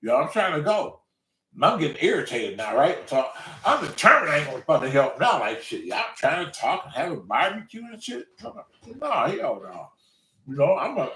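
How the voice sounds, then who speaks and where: Older man in his sixties, animated and profane storytelling, lively pitch, roomy off-mic sound. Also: distant mic. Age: 60s. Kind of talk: casual storytelling. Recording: roomy room, away from mic.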